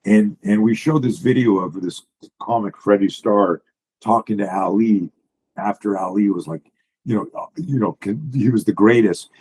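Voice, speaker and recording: A fairly low, husky male voice comes through a video call. He is a self-defense coach walking listeners through his slides, blunt and salty, explaining with animated energy. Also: normal speed, poor audio.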